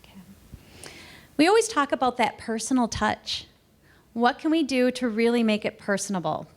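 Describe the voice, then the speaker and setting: A middle-aged woman giving a customer service training talk in a conversational, animated way, acting out quoted exchanges. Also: a little high, moderate pace. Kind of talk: training presentation. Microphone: recorded to camera.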